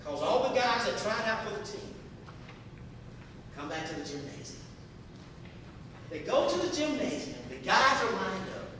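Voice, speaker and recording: A man giving a motivational speech, telling a story in a dramatic, animated way. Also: unhurried, pauses often. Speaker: speaker. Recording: echoey hall from far off, low rumble.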